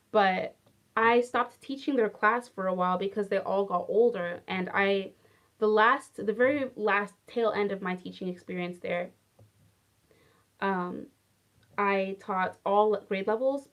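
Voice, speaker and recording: A young adult woman, a former English teacher, casually telling personal stories with lots of "like" and plenty of feeling. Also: medium pitch. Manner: chatty, heavy use of "like", animated and affectionate. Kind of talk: casual storytelling vlog.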